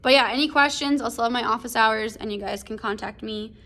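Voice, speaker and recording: A woman teacher talks through a story for her class in a loose, chatty way, full of "um" and "like." Her voice sits a little on the high side. She is recording a video lesson at home. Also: fairly quick, sharp tone. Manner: casual, chatty, many fillers like "um" and "like". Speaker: English teacher. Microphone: computer or phone video recording.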